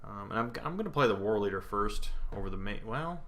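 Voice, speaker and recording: Bright-voiced young man thinking aloud. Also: on the low side, expressive, a little fast. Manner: thinking aloud, hesitant, with playful put-on panic. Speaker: gameplay commentator. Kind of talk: casual gameplay commentary. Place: indoor room at home, planes passing overhead.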